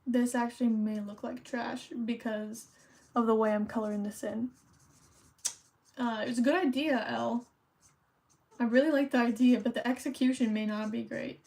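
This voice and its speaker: A young woman chats casually on a stream as she decorates holiday cards. Her voice sits a little high, and she rambles and thinks aloud while she colors at her desk. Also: fairly even intonation, moderate pace, long pauses, darkish tone. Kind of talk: casual chat while crafting.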